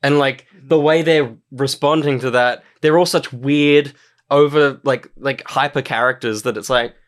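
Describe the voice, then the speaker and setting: A man's voice: medium pitch, steady tone, unhurried. A man hosting a podcast, chatting casually and enthusiastically, with lots of "like" and restarts. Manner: enthusiastic, rambling, full of "like". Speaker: podcast host. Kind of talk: casual chat.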